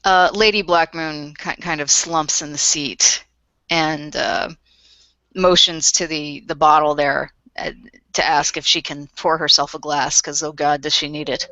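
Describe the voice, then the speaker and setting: A woman narrating her character in a tabletop role-playing game, hesitant and full of ums and restarts. Her voice is very low and bright for a woman, and she speaks slowly. The sound is dry and close. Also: flat delivery, no room sound, rough recording.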